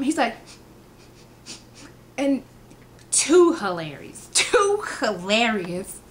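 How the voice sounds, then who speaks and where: Woman in her 30s, lively storyteller, kinda high voice, faint hiss behind. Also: slow, pauses often. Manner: animated, laughing storyteller acting out quotes. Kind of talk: casual storytelling vlog.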